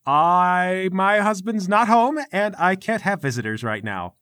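A man's voice: high voice, expressive, measured pace, a bit bright, no room sound, pitched above the performer's own voice. A man voicing a nervous, evasive frontier housewife, in a tabletop game.

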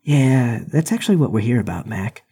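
A man's voice: medium pitch, animated, fairly quick, mellow, slightly rough. A man playing a tabletop game, speaking in character in a dry, understated way. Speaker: player.

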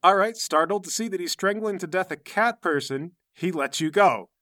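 A man runs a tabletop game, narrating the action blow by blow. His voice is animated and bright, and it sits higher than most men's. The sound is dry and close. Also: normal speed, no room sound. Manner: vivid, play-by-play narration. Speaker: game master.

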